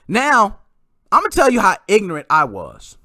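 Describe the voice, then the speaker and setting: An excitable man hosting a casual podcast, with a high, bright voice that swings up and down a lot. He tells his story with animated energy and a bit of mild swearing, close and dry on the mic. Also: normal speed, no echo. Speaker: podcast host.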